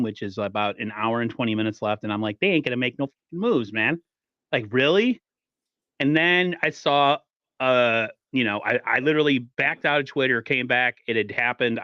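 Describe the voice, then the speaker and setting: Smooth-voiced man hosting a dry-sounding sports stream. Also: mid-range voice, fairly bright tone, dry recording, muffled recording. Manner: loose, filler-heavy chat. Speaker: podcast host. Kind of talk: casual sports talk stream.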